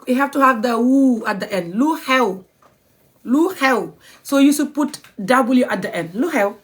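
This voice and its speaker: Chatty woman teaching on a livestream. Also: on the high side. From Gambia. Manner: chatty, spells words out letter by letter, laughs often. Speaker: language teacher. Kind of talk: live-streamed language lesson.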